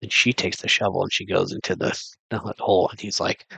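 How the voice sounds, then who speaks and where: A man's voice: low voice, level tone, a little fast, creaky, bright, forceful tone, slightly rough, dry recording, low-quality recording. A man recapping a movie in a casual, rambling way, full of fillers and restarts. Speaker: movie reviewer. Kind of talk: casual spoken film recap.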